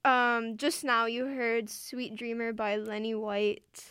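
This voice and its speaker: A young woman co-hosts a casual radio music show, chatty and quick to giggle. Her voice sits high and smooth, and she talks at an unhurried pace. The studio sound is close and dry. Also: level tone, fairly bright tone, no echo. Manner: giggly, chatty, trails off mid-sentence.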